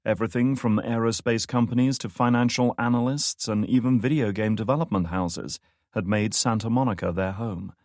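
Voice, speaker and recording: A man narrating a thriller audiobook in a measured, steady read. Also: lowish voice, dry recording, clean studio sound. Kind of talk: scripted narration.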